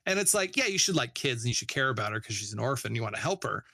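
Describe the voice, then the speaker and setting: A man's voice: medium pitch, big pitch swings, very fast, vocal fry, pushed and bright, no room sound, clean studio sound. A man co-hosting a film podcast, speaking casually and hesitantly as he searches for words. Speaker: podcast co-host.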